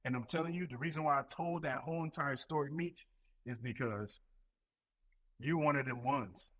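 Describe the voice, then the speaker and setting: A man in his thirties, a Marine recruiting leader and podcast guest, telling stories in a profane, animated way full of repetitions. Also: mid-range voice, moderate pace, rough recording. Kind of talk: casual podcast chat.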